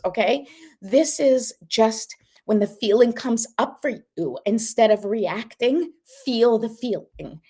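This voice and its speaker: Female self-help host, direct coaching delivery, emphatic repetition, slightly high pitch. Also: slightly rough. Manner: coaching, addresses listener directly, frequent "okay?". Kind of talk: motivational self-help talk.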